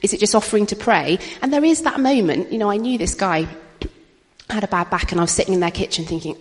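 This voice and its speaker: A middle-aged woman speaks at a church gathering, telling her stories in a chatty, anecdotal way. Her voice sits at a moderate pitch for a woman. The sound carries a long reverb from the hall around her. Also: lively intonation, fast. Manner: chatty and anecdotal, with frequent laughter. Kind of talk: informal testimony talk.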